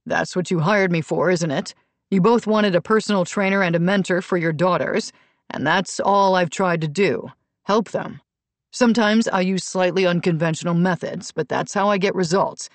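A woman narrating an audiobook voices a smooth, controlling male personal trainer who talks calmly and patronizingly. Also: lowish voice, normal speed, no echo, close to an everyday voice. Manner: calm, soothing, condescending.

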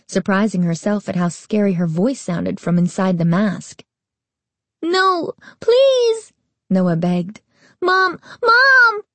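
A woman narrating a storybook aloud with a slow, even reading. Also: mid-range voice, no echo.

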